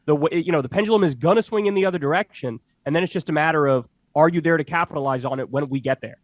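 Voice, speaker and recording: Casting: male political commentator, emphatic and repetitive, slightly higher pitch, dry sound. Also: rapid-fire, no room sound. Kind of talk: interview answer.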